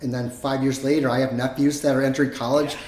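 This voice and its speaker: A man co-hosting a podcast in casual chat, telling rambling, profane, animated stories. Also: mid-range voice, fast. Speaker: podcast co-host. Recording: roomy echo.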